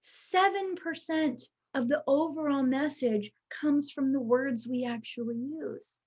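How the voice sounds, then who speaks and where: A woman giving a live workshop talk over a video call, teaching in a lively way and often checking in with "right?". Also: high-pitched, measured pace. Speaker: workshop presenter. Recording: muffled video-call audio.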